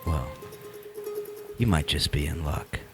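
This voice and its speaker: A man voicing a sultry male seducer selling steaks in a low, breathy half-whisper, with music playing behind. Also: slow pace. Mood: seductive.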